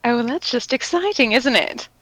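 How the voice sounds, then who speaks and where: A woman's voice: a little high, lively intonation, moderate pace, fairly bright tone, slight background noise, rough recording. Playful woman player speaking in character. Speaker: player voicing Mira.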